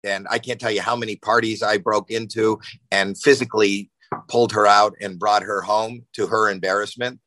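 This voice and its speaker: A man in his sixties, a podcast guest, telling animated stories with lots of fillers and restarts. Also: lowish voice, moderate pace, no echo, rough recording. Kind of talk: casual storytelling.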